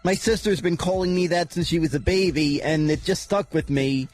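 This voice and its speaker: A man co-hosting a radio show, answering in halting, stumbling bursts. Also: on the high side, a little mellow, faint music behind. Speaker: radio co-host.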